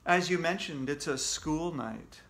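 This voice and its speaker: A man voicing the gentle ghost of a school principal, calm and coaxing. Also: a little high, a little slow.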